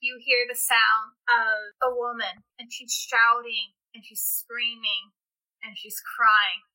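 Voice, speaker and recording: A woman's voice: on the high side, little pitch movement, slow pace, pushed and bright, rough recording. A woman narrating a tabletop role-playing game as game master, describing scenes in a descriptive way and often laughing.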